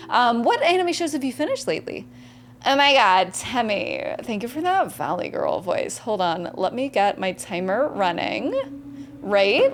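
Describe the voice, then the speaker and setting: Young female streamer, bright and upbeat, higher voice, greets viewers by name over soft background music. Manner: upbeat, greets and thanks viewers by name, reads chat aloud. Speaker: gaming streamer. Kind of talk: casual live-stream chat.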